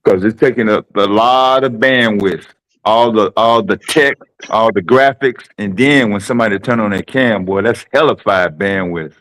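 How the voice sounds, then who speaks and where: A man's voice: lowish voice, normal speed, fairly bright tone, no echo, rough recording. A man on a casual livestream panel, laid-back and explanatory, often trailing off with fillers.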